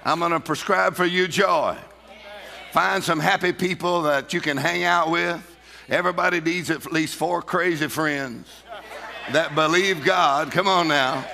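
A man's voice: a little high, fairly even intonation, measured pace, gravelly, pushed and bright. A man preaching a sermon in a church, emphatic and laughing often as he calls out to the congregation. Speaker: pastor. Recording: reverberant hall.

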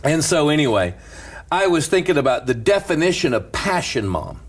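A middle-aged man, a pastor, telling a story in animated casual chat and laughing often. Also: fairly high pitch, normal speed, noisy background.

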